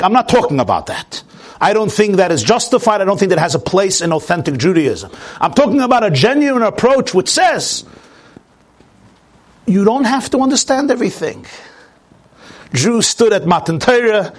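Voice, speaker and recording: A man giving a Torah lecture to an audience, emphatic, stacking words in rising lists and mixing Hebrew and Yiddish terms into his English. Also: high-pitched. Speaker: rabbi teaching a class.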